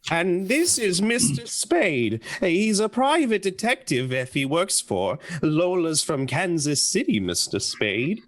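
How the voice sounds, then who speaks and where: Fussy fluttering hostess read by a man, amateur radio-play reading, lively sing-song delivery. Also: high voice, takes it slowly, hardly any pauses, no echo, heavily acted. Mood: bossy. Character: fussy middle-aged hostess, flustered and chatty.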